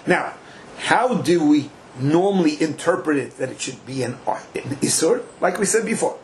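Animated man teaching in a sing-song lilt. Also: fairly high pitch, moderate pace, a little hiss or hum, rough recording. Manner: animated, sing-song chanting of the Hebrew and Aramaic text. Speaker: Talmud teacher. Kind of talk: Talmud class lecture.

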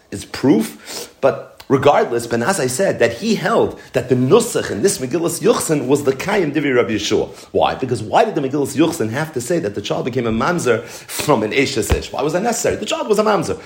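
A man teaching a Talmud lesson in a lilt, explaining step by step and posing rhetorical questions. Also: mid-range voice. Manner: explanatory, rhetorical questions, mixes Hebrew and Yiddish terms. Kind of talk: Talmud study lecture.

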